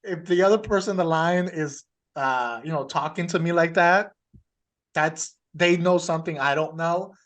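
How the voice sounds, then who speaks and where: A man with a slightly high voice talks casually on a podcast. He tells stories in a relaxed, easygoing way and laughs now and then. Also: moderate pace. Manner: relaxed storytelling, laughs often. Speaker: podcast co-host. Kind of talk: casual chat.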